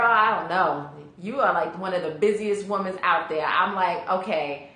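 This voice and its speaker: A woman's voice: fairly low pitch, fairly bright tone, echoey room, a little hiss or hum. A woman career coach hosting a casual live stream, chatty and greeting viewers by name, sleepy from allergies.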